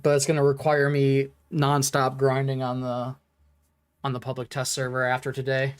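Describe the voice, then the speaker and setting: A man's voice: medium pitch, monotone, normal speed, clear, resonant tone. A man streaming a game, chatting casually with another player and talking through his plans in a laid-back, joking way. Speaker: gaming streamer. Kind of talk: casual gameplay commentary.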